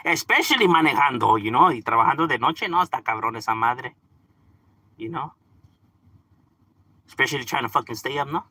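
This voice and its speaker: A man chatting casually, mixing English and Spanish, animated and profane. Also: mid-range voice, fairly quick, pauses often, slightly rough. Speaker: livestream host. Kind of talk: casual chat.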